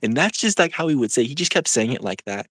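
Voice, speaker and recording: Young adult streamer, casual live chat, animated and rambling, dry room. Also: mid-range voice, breathy edge, dry recording. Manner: rambling, full of "like" and quick laughs.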